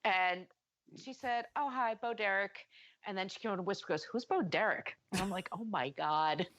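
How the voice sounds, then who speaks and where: A woman's voice: mid-range voice, normal speed, a bit bright, lo-fi sound. A woman co-hosting a podcast, chatting and telling a story in an easy, friendly way. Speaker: podcast co-host. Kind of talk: casual chat.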